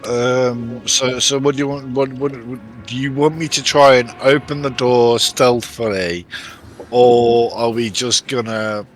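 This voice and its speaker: Slow, hesitant male player. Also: mid-range voice, steady tone, soft background music. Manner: hesitant, full of restarts. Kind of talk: tabletop game play.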